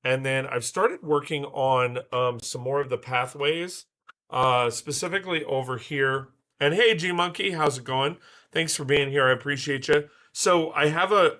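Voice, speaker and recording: A man hosting a casual livestream, chatty and loose with many fillers, his voice slightly raspy from being sick. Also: mid-range voice, sharp tone. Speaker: livestream host.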